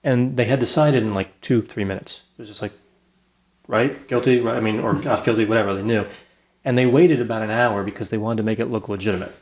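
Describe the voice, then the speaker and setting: A man co-hosting a casual true-crime discussion, telling stories in a relaxed, wry way. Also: fairly low pitch, fast. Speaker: podcast co-host.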